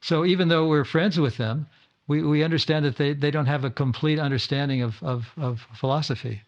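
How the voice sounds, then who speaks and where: A man's voice: fairly high pitch, a little fast, muffled recording. An older man giving an informal talk to his disciples at a home gathering, often stumbling, repeating words and restarting sentences. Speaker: spiritual teacher.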